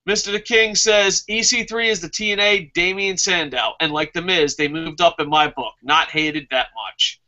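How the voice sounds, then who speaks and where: High-voiced man ranting, profane. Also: steady tone, moderate pace, hardly any pauses, bright, forceful tone. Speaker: wrestling review host. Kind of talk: casual review chat reading viewer comments. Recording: muffled lo-fi recording.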